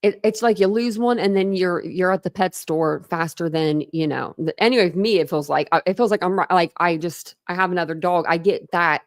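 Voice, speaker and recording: A woman's voice: on the low side, brisk, hardly any pauses, no room sound, studio quality. A woman hosting a true crime livestream, chatting casually with viewers, rambling and laughing often.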